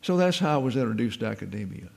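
A man's voice: lowish voice, sing-song, very fast, vocal fry, a little mellow. A man giving an informal Bible teaching, mixing scripture points with wry, folksy stories from his own life.

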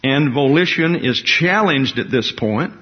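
A male pastor delivers a measured teaching sermon, pausing to spell out Greek words and drifting into brief asides. His voice sits at an ordinary middle pitch for a man. The recording is dull and a bit lo-fi. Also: expressive. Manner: deliberate, explains Greek terms, with asides. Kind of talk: expository Bible teaching sermon.

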